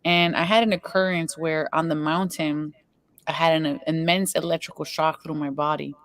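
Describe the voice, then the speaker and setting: A woman's voice: deep voice, steady tone, normal speed, fairly bright tone. A woman hosting an online spiritual talk show, telling a personal story in an earnest, chatty way. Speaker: show host. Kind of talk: spiritual interview chat.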